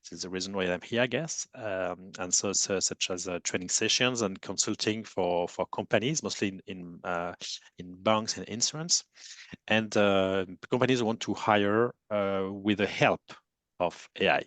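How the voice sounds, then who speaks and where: A man with a French accent speaks on a webinar panel in a lowish voice, stopping often with fillers and restarts. He sounds self-deprecating, and the recording is dry and close. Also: moderate pace, a bit bright, no echo. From France. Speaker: panelist, agency CEO.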